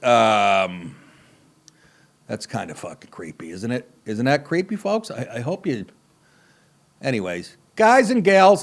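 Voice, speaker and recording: Swearing comedian host rambling on, lively up-and-down voice, a bit high. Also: male voice. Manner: profane, rambling, sarcastic. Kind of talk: casual comedic podcast monologue.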